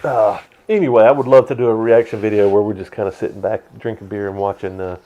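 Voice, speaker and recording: A man's voice: on the low side, steady tone, quick pace, mellow, muffled recording. Laid-back male host, rambling commentary with frequent laughs and some cursing. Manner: rambling, laughs often, swears. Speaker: channel host. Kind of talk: casual movie commentary.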